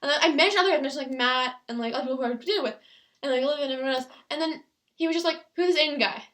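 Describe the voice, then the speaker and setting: A woman's voice: high-pitched, very fast, fairly bright tone. A teenage woman co-hosting a podcast, chatting casually and telling a story while quoting other people. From Canada. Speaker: podcast co-host. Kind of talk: casual chat.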